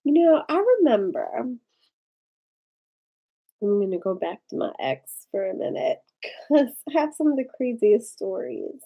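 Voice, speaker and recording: A woman's voice: fairly high pitch, big pitch swings, a little slow, pauses often, mellow. A woman vlogger, drunk and rambling through a story, full of "like". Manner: rambling, lots of "like". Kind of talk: tipsy casual storytelling.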